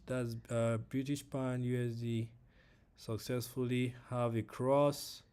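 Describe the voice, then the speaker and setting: Slow, mellow-voiced man streaming trades. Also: mid-range voice, level tone, clear, resonant tone. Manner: frustrated, talks to the price and chat viewers; repeats phrases, many fillers. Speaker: forex trading streamer. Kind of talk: live trading stream commentary.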